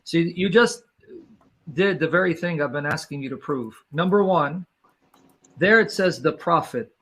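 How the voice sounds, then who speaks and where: A man's voice: a little high, a little slow, fairly bright tone. A man in a live debate, pressing his opponents with insistent, repeated questions.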